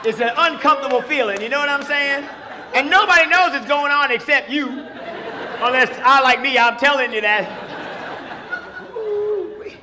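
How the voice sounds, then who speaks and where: High-voiced man doing loud crowd work. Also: expressive, normal speed. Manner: loud, teasing, bursts into shouts. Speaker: stand-up comedian. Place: comedy club. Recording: echoey club, crowd and noise behind. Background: audience laughter.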